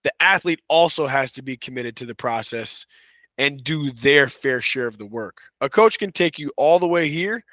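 A man in the middle range of pitch talks easily about coaching, loose and chatty, often tagging on "you know." The sound is dry and close, with no room around it. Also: moderate pace, no room sound. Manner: relaxed, chatty, many fillers like "you know" and "right". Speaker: wrestling coach, podcast guest. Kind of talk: casual conversational interview.

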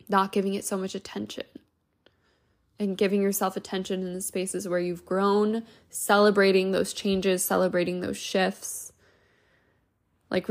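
A young woman hosts a self-help podcast, speaking gently and reflectively in loose, flowing sentences. Her voice sits at an ordinary middle pitch with a noticeable gravelly fry running through it. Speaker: podcast host.

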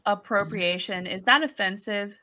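Woman, podcast co-host, cheeky, bright sharp voice, mid pitch. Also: moderate pace. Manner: cheeky, playful. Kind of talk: casual podcast chat.

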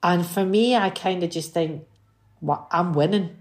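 A woman in her fifties with a Scottish accent, a singer chatting as a guest, telling animated stories full of restarts. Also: lowish voice, a little slow. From Scotland. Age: 50s. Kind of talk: casual interview chat.

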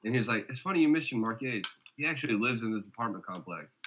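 A man from Georgia, a podcast guest telling stories in a low, laid-back voice with deadpan teasing. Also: fast, a little hiss or hum. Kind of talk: casual storytelling chat.

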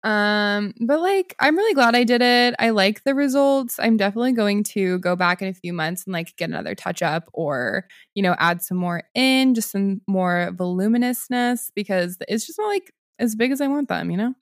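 A woman's voice: mid-range voice, animated, moderate pace, hardly any pauses, no room sound, clean studio sound. A young woman co-hosting a podcast, chatting casually with a friend, giggling and using lots of fillers. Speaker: podcast co-host. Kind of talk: casual chat.

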